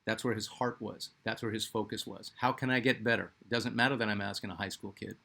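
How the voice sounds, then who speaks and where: A man's voice: lowish voice, steady tone, quick pace, creaky, bright, forceful tone. Man, middle-aged, from Phoenix, sports channel host, casual rambling storytelling, lots of ums and uhs. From Phoenix, Arizona, US. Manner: rambling, conversational, many fillers and restarts. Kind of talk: personal storytelling.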